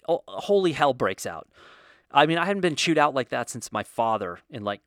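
A middle-aged man tells a rambling story with a self-mocking humor and lots of restarts. His voice sits at an ordinary pitch. It is recorded close up in a dry, dead room. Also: a bit bright, no echo. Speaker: photographer telling a story. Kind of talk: casual storytelling monologue.

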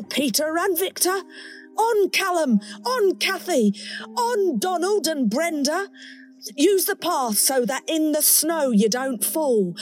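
A brash police sergeant barking orders, as a woman reading the story puts her on, pitched well above the narration and loud. Her calls rise and jump as she rattles off commands, with faint music underneath. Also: full character voice. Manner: shouting orders. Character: bossy female police sergeant, brash and impatient.

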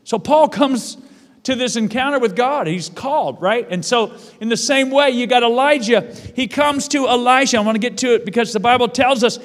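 A man's voice: very high voice, moderate pace, fairly bright tone, long reverb tail. A male pastor delivering a sermon in a church, emphatic and repeating his phrases for weight.

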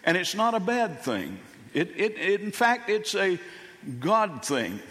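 Older pastor guy preaching slow and folksy, stumbles and restarts, big hall echo. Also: high-pitched, very animated, fairly bright tone. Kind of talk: sermon. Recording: long reverb of a church hall.

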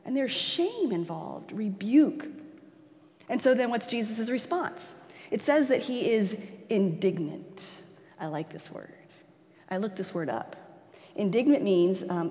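A woman giving a conversational sermon, animated and chatty, acting out quoted voices and laughing easily. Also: medium pitch, moderate pace. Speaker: preacher. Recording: church hall reverb.

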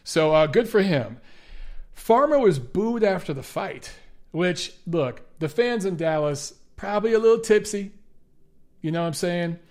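A man's voice: high-pitched, lively intonation, measured pace, a little mellow. A man hosting a boxing show, talking casually and bluntly with some profanity while answering viewer questions.

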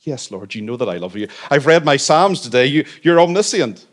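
A man's voice: mid-range voice, big pitch swings, brisk, lightly acted. A defensive fisherman hurries to insist on his loyalty. A man voices him within a sermon, staying near his own voice. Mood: protesting. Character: Peter, a blustering fisherman protesting.

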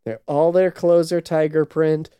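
A man talks slowly in a relaxed, amused way, chatting casually with a co-host. His voice is mellow and smooth. The sound is dry and close, with no room around it. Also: fairly high pitch, no room sound. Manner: slow, relaxed, amused, drawn-out explanations. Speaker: podcast co-host. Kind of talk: casual chat about anime.

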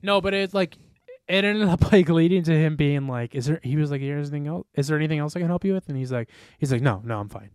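A man's voice: on the high side, fast talker, clean tone, no room sound, studio quality. Young man telling a rambling story. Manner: rambling, animated, swears casually, lots of "like". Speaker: podcast co-host. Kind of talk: casual storytelling chat.

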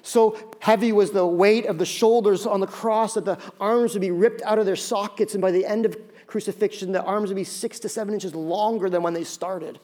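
A middle-aged man preaching a sermon as pastor, dramatic and often dropping to a hushed tone. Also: high voice, fairly even intonation, a little fast, few pauses. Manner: dramatic, acts out quoted voices, drops to hushed tones.

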